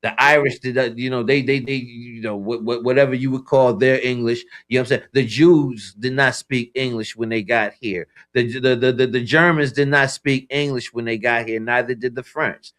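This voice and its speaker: A man's voice: mid-range voice, steady tone, moderate pace, few pauses, fairly bright tone. A man co-hosting a talk radio show, stumbling over repeated words and often saying "you know what I'm saying" in a loose debate.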